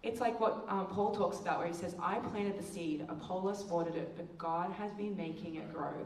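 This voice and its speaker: A woman giving a presentation with slides, telling stories lively and acting out the voices of the people she quotes. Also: fairly low pitch, moderate pace. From Australia. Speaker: missions speaker. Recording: echoey room, distant mic, faint ambience.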